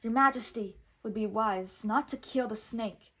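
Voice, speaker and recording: A woman's voice: a little high, a little slow, sharp tone. A woman voicing a sly, gloating male sheriff who speaks smugly in a storybook.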